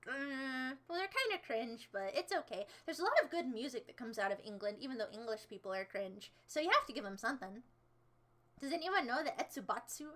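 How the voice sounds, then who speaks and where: A young woman chats with her livestream viewers in a high, bright, animated voice at a quick pace. She rambles playfully and theatrically from topic to topic, breaking into sudden dramatic outbursts.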